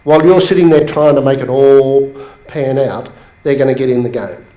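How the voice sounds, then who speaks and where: Animated man coaching an audience. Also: normal speed. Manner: animated storytelling, pitch jumps up for emphasis. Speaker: business coach. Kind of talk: motivational bootcamp talk to a seated audience. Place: training room with a live audience. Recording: echoey room.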